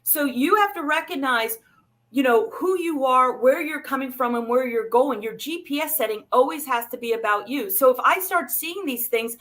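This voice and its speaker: A woman's voice: high-pitched, expressive, normal speed, fairly bright tone. A woman speaking as a doctor guest on a talk show, explaining nutrition with everyday examples.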